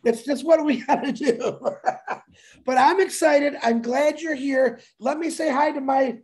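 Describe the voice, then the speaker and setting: Excitable high-pitched male co-host, jokey hype man for a livestream. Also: unhurried. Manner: excitable, joking, shouts shout-outs to viewers. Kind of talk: energetic livestream banter.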